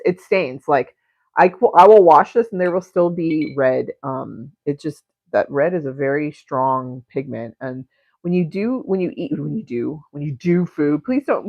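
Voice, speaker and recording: A woman's voice: low voice, darkish tone, no room sound. A woman hosts a live painting stream from home and chats in a meandering, giggly way, sprinkling in swears and half-finished thoughts. Her voice sits close and dry, with the dull, lo-fi sound of stream audio. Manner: rambling, giggly and profane, with frequent self-interruptions. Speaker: livestream painter and host. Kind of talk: casual live-stream chat while painting. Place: home studio.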